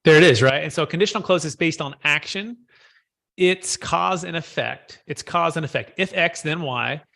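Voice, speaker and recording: Male sales trainer, bright and a bit high-pitched, coaching and repeating key points. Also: normal speed, gravelly. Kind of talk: live training session.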